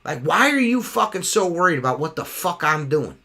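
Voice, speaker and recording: A man's voice: on the high side, big pitch swings, a little fast, vocal fry, pushed and bright. A man hosting a casual podcast chat, telling stories as a profane, ranting storyteller. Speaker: podcast host.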